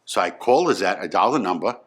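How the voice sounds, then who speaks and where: A man in his fifties telling a personal story from his youth, emphatic and swinging from subdued to excited. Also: low voice, fast talker. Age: 50s.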